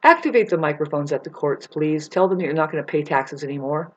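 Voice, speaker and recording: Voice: medium pitch, steady tone, fast talker, darkish tone, dull audio. A vlogger delivering an angry, rambling, profane monologue that warns and scolds the listener. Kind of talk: ranting monologue.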